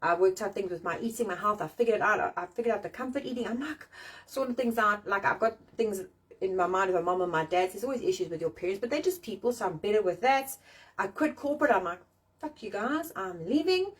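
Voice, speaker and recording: A woman's voice: mid-range voice, quick pace, breathy edge. Sweary, blunt woman ranting from a distance. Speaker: host of a live chat show. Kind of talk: casual live-stream chat. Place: outdoors in the rain.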